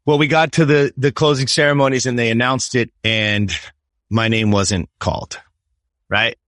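A man in his fifties tells a personal story as an interview guest. He speaks in an emphatic, swearing way at a mid-range pitch, and the recording is dry and close. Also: steady tone, normal speed, a bit bright, no echo. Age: 50s. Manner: emphatic and profane, keeps asking "right?". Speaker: podcast guest.

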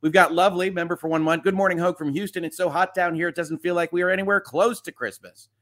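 A man's voice: high voice, steady tone, fast talker, a bit bright. A man hosting a casual morning livestream, reading viewers' chat messages aloud and chatting back with frequent filler words. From Midwest US. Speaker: livestream host. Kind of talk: casual live-stream chat.

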